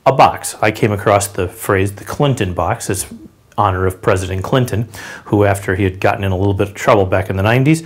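A man's voice: on the low side, fairly quick. A man teaching sales body language straight to the camera, showing each gesture with his hands and feet as he explains it in a direct, conversational way. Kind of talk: instructional talk to camera.

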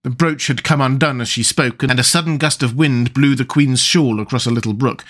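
A man narrating a classic children's novel as an audiobook, measured and expressive. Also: mid-range voice.

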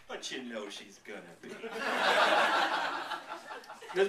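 A male stand-up comedian doing a set on a comedy club stage, animated and jumping into loud character voices, with audience laughter behind him. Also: sits high, unhurried, pauses often, background noise. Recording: roomy live club sound from a distance.

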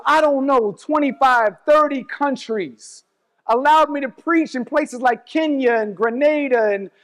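A man with a very high voice preaches a testimony sermon in a church sanctuary. He darts through quick asides, then slows right down to lean on key lines. His voice rings out with a long reverb trail. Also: fairly bright tone. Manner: swings from quick asides to slow emphatic lines.

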